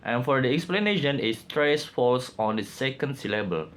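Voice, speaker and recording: A man presenting a class project, reading out his slides haltingly with frequent pauses and fillers. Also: medium pitch, lively intonation. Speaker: student presenter.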